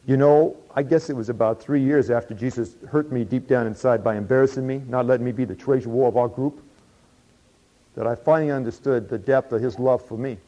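A male actor with a warm mid-range voice, fairly even intonation and a slightly fast pace, sounding close to everyday speech, voices a tax collector turned disciple. He shares his story in a folksy, confiding dramatic monologue with dry humor, recorded dull and lo-fi.

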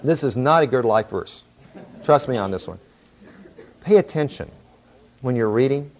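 A middle-aged man giving a lively sermon with humorous, sarcastic asides. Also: medium pitch, normal speed, a little hiss or hum. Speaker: preacher.

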